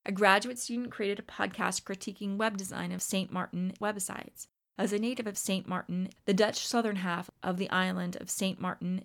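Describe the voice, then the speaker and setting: A woman instructor narrating a scripted lecture about teaching writing, in a measured academic reading manner. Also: mid-range voice, creaky.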